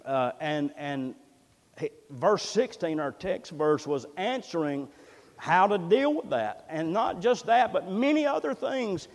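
A man preaching a sermon in a folksy way, building up to loud, emphatic peaks. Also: high voice, expressive, a little slow. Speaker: pastor. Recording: long reverb in a church hall.

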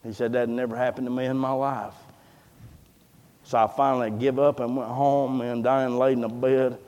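Folksy preacher in a reverberant hall. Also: male voice, mid-range voice, level tone, moderate pace, darkish tone. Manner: folksy storyteller, acts out quoted voices. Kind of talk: sermon storytelling.

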